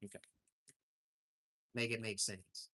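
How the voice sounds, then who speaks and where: A man's voice: on the low side, fairly even intonation, takes it slowly, bright, forceful tone. A man hosting a casual livestream, telling a story in an indignant, ranting way. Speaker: livestream host. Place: home in Alaska.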